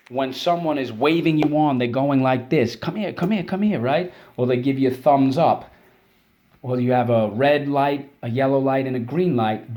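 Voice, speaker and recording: A man with a medium-pitched, darkish voice teaches kids a spelling and vocabulary lesson. He explains words patiently, drills them call-and-response style, and gives quick praise.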